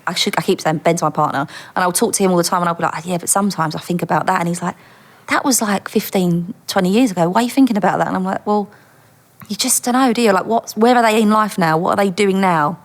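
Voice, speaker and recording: A woman telling stories in a casual interview. She is animated and laughs often, and she acts out the voices in her stories. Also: fairly low pitch, fast. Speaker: guest, former undercover police officer.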